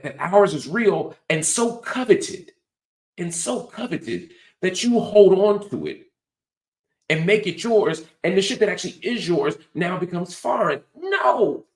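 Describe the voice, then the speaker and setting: A man's voice: high-pitched, sing-song, slow. Man host lecturing w/ a preachy rhythm, voice jumps all over, bit of room echo. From United States. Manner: preacherly, emphatic, teaching cadence. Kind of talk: animated political commentary.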